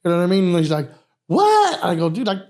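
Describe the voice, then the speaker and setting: A man who heads a security crew, telling club stories in a casual, profane, animated way. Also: high voice, very fast. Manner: profane, animated storyteller, repeats "you know what I mean". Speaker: guest, head of a security firm. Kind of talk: casual podcast storytelling.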